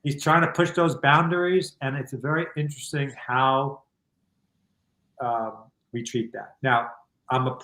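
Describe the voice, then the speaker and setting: A middle-aged man telling a personal story as a guest, in a calm, reflective and candid way over a video call. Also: medium pitch, echoey room, rough recording. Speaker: guest author. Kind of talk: conversational storytelling.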